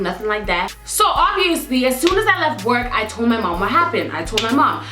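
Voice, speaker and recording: Animated young woman telling a story, high voice. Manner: animated and emphatic, repeats lines for effect. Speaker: vlogger. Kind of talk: storytime vlog. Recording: echoey room with faint music.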